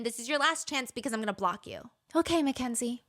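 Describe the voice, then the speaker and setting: A woman's voice: a little high, expressive, fast talker, fairly bright tone. A woman telling a story to friends in a casual chat, reading text messages aloud and adding exasperated commentary.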